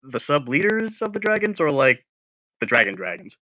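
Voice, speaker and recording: A man's voice: fairly high pitch, very animated, normal speed, bright, forceful tone, no room sound. A man taking part in a tabletop game, talking animatedly with stammered restarts. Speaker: player. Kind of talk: casual tabletop play.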